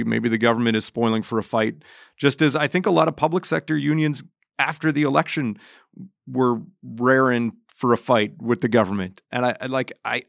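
Gravelly man thinking aloud on a podcast. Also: medium pitch, a bit bright, no echo, studio quality. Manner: thinking aloud, halting restarts. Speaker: podcast panelist. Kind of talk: casual political discussion.

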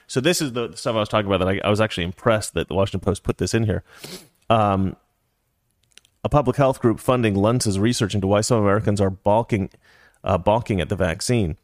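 A man with a fairly low voice, recorded clean in a studio with no room sound. He co-hosts a casual talk show, reading news items out loud and reacting with sarcastic, heated mock seriousness.

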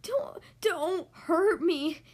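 A woman's voice: high-pitched, measured pace. A woman voicing a big male lion who is frightened and whimpers shakily. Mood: scared. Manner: whimpering, shaky.

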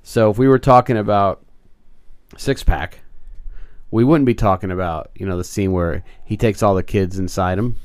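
A man's voice: lowish voice, normal speed, clear, resonant tone, dry recording. A middle-aged man hosting a podcast in casual comedic chat, crude and joking, rambling with restarts. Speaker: podcast host.

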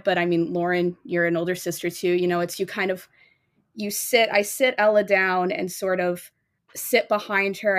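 A woman playing in a tabletop horror game, casually narrating her character's gentle, caring actions. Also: mid-range voice. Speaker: player. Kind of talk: tabletop role-play.

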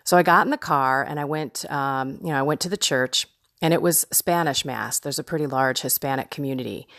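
A woman with a low voice tells a personal story on her podcast, chatty and animated. The sound is dry and close, with no room around it. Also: brisk, no room sound. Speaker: podcast host.

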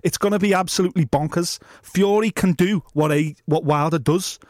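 A man talking boxing on a podcast, sweary and animated, acting out little scenes in silly voices. His voice sits a little high, and the sound is close and dry. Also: normal speed, no echo. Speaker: podcast co-host. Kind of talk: casual boxing chat.

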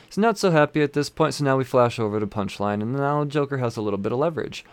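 A man's voice: mid-range voice, expressive, quick pace, smooth, dry recording. A man casually recapping a comic issue, rambling, swearing freely and chuckling as he goes. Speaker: comic book reviewer.

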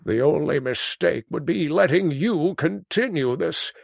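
An elderly sage with a deeply gravelly, creaking voice that rises and falls widely as he speaks. He talks very slowly, in a drawn-out storyteller's way, in a dry and close recording. He is cranky and indignant, like a grumpy old man. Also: animated, no room sound, exaggerated voice. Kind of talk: comedic call-in sketch.

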